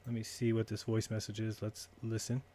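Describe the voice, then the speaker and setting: A man's voice: fairly low pitch, monotone, a little fast, mellow, slight background noise. A man hosting a live call-in stream, talking casually and muttering to himself while he sorts out his call settings. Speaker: livestream host taking calls.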